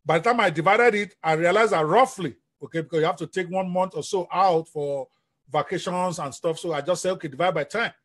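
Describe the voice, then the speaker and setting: A man giving an energetic live-stream business coaching talk, often asking his audience questions. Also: high-pitched, brisk.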